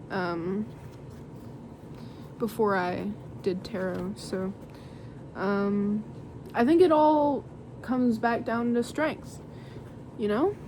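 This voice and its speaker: A woman's voice: medium pitch, background noise. A young woman doing a casual tarot reading to camera, rambling and giggly with lots of fillers. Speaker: tarot reader.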